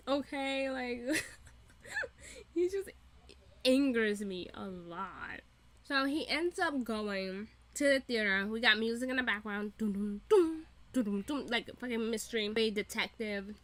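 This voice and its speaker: Woman reaction vlogger, casual recap, swears a lot, laughs often, bright voice. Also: fairly high pitch. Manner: profane, laughing, animated storytelling.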